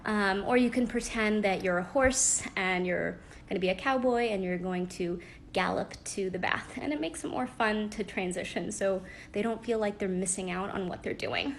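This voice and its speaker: A young woman talks casually into a phone at home, giving practical parenting advice. Her voice has a gravelly, fry-touched edge at a middling pitch. She rambles a little, with frequent fillers and soft laughs, and a faint hiss sits under her voice. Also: normal speed. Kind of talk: casual live-stream talk.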